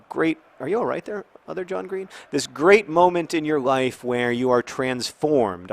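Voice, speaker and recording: A man in his thirties talking casually and rambling with many restarts while he plays a football video game, now and then breaking into excited outcries at the match. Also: mid-range voice. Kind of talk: casual gameplay talk while discussing a topic.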